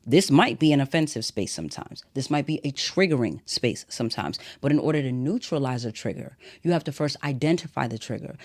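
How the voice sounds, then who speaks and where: A man hosting a solo podcast, talking bluntly and directly in a motivational, sermon-like way. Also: medium pitch. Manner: blunt, direct, self-described as not a soft speaker. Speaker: podcast host.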